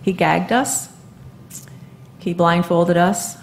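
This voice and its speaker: A woman in her seventies speaking onstage at a live event, telling her own story in an earnest, halting way with many fillers and restarts. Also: on the low side, steady tone, gravelly, a little hiss or hum. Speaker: guest speaker. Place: live event stage before an audience.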